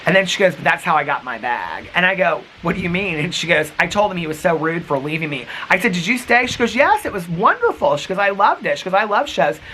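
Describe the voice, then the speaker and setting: A man's voice: a little high, lively intonation, fast, hardly any pauses, pushed and bright, a little hiss or hum, poor audio. A man vlogging casually, gushing and chatty, retelling a night out with lots of "like" and "she goes" quotes. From United States. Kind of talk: casual storytelling vlog.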